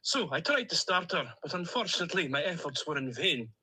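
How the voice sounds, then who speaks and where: A man's voice: fairly high pitch, big pitch swings, a little fast, sharp tone, husky, exaggerated voice, rough recording. A man voicing Dougal, a chatty Stornoway duck. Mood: jolly rambling. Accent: Scottish, Stornoway. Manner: rambling, jolly storytelling. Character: chatty plastic male emotional support duck. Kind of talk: comic voice-note monologue.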